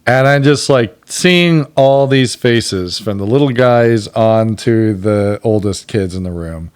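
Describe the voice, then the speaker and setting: A man's voice: on the low side, takes it slowly, clear, resonant tone. A man co-hosting a podcast, talking casually and reflectively, near tears as he gets sentimental. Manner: reflective, gets choked up and emotional. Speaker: podcast co-host. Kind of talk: casual chat.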